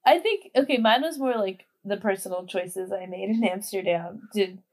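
A woman's voice: medium pitch, moderate pace. A young woman in her twenties, a podcast guest chatting casually, with many fillers and easy giggles. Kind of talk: casual chat.

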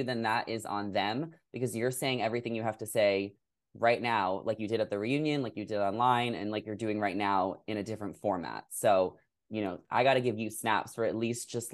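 A congested man hosting a casual podcast interview, talking in a reassuring, chatty way and asking questions. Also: fairly low pitch. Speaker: podcast host.

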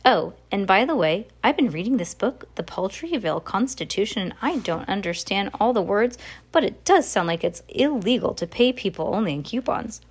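A woman's voice: medium pitch, expressive, normal speed, breathy edge. A woman voicing a cheerful young male mill worker who chats openly in a storybook reading.

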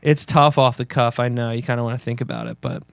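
A man co-hosting a podcast in casual chat, easygoing and quick to laugh. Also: medium pitch, huge pitch swings, vocal fry, dry recording, clean studio sound, faint music behind. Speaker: podcast co-host.

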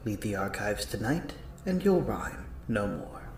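A man's voice: lowish voice, very animated, a little slow, reverberant, a little hiss or hum. Man narrating a rhyming holiday tale. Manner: playful, sing-song storyteller with soft whispered asides.

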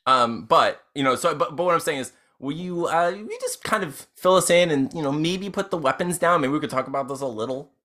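A man playing a tabletop game, chatting casually with rambling, halting sentences and frequent laughter. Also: fairly high pitch, bright, forceful tone. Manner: rambling, laughs often, many fillers. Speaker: player.

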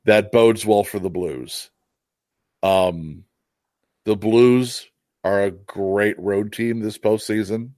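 A man's voice: on the low side, slow, darkish tone, dry recording. A man co-hosting a sports podcast, making earnest, analytical points with some stammering. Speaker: podcast co-host. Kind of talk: casual sports podcast chat.

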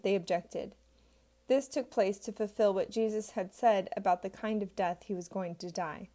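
A woman giving a steady, measured scripted reading of a Bible passage. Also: mid-range voice. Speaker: scripture reader.

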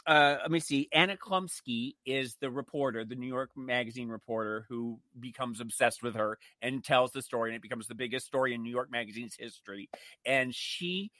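A man co-hosting a casual chat, telling stories in an animated, emphatic way. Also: mid-range voice, dry recording. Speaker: co-host.

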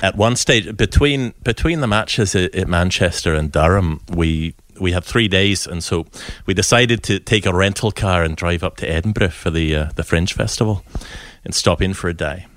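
A man with a very low voice, chatting casually as a podcast co-host. He tells stories in a rambling, self-amused way, and the recording sounds dry and close. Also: normal speed, fairly bright tone, no echo. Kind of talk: casual chat.

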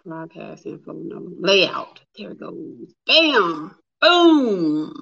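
A flustered woman chatting live with her viewers, her voice bright and forceful. The sound is a little dull and lo-fi. She talks casually and addresses everyone as y'all. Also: lowish voice, sing-song, very slow, gravelly, slightly rough. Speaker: livestream host.

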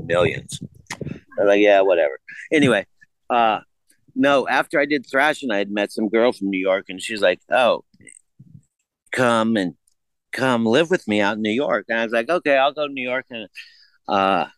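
A man's voice: on the low side, a bit bright, dry recording, low-quality recording. A man casually telling rambling, profane stories and acting out the dialogue. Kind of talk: casual conversation.

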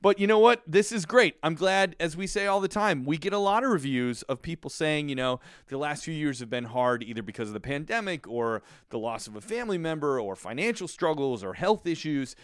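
A man's voice: a little high, lively intonation, a little fast, hardly any pauses, clean tone, no echo, clean studio sound. A man co-hosting a casual holiday podcast, enthusiastic and chatty, reading listener reviews aloud. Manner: enthusiastic, reads reviews in a put-on accent. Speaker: podcast co-host.

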